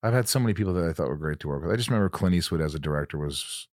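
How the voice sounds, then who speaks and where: A man's voice: low-pitched, lively intonation, very fast, no room sound, clean studio sound. A middle-aged man in casual chat, co-hosting, reading out fan questions and telling set stories. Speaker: co-host.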